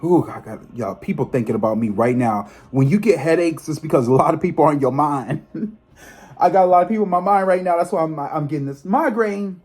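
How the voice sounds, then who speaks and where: A man in his thirties, a psychic tarot reader who hosts his own channel, talks straight to viewers in a casual vlog, calling them y'all. His voice is a little high for a man, slightly rough and a little fast, and he chats easily until something bothers him, then slides into animated, emphatic, swear-filled rants.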